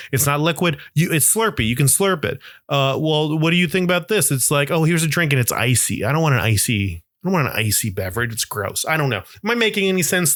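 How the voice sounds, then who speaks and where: Young male host with a slightly high voice, animated and indignant, slipping into quick imagined voices. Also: no echo, studio quality. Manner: animated, mock-outraged, acts out imagined voices. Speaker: podcast host. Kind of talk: solo comedic rant.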